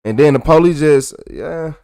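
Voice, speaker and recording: A man's voice: fairly high pitch, moderate pace, mellow, no room sound, clean studio sound. A man reacting to police footage in casual commentary, ranting animatedly in slang.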